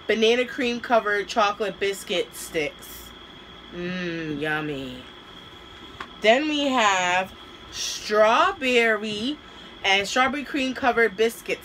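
A woman's voice: mid-range voice, a bit bright, a little hiss or hum, low-quality recording. A woman vlogger chatting casually and hesitantly as she unboxes and taste-tests snacks, with many fillers. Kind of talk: casual taste-test vlog.

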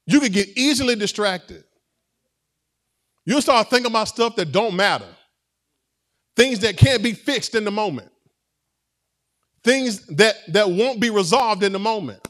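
A man's voice: sits high, animated, moderate pace, pauses often, fairly bright tone. A man preaching a sermon as pastor, conversational and playful, with call-and-response to the congregation.

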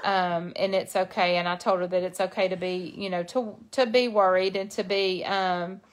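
A woman's voice: on the low side, fairly even intonation, normal speed. A woman hosting a casual phone live stream, talking in a soothing, reassuring, folksy way.

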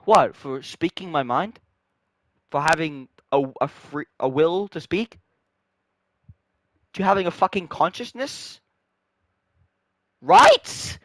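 A man's voice: fairly high pitch, measured pace, pauses often, dry recording. Frustrated young man ranting. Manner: frustrated, swearing, trailing off deflated. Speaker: gaming vlogger. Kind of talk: angry gaming rant.

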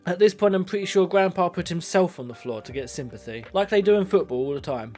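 Male commentator, sarcastic and exasperated, with faint background music. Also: high-pitched. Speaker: video commentator. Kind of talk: comedic commentary.

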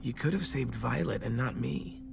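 A wry young man from a video game, voiced by a man, doubtful of himself and prone to teasing. His voice has a gravelly edge and sits at an ordinary pitch. Game music plays underneath. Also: normal speed. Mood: wry self-doubting. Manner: wry, hesitant, self-deprecating.

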